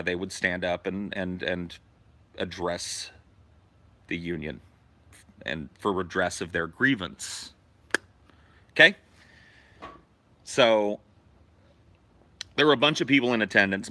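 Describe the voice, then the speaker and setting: A podcast host telling a profane, animated story from his childhood in casual talk. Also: low voice.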